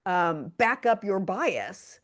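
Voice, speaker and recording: Emphatic woman podcast co-host. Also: medium pitch. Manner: animated, emphatic, quick to laugh. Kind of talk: casual political chat.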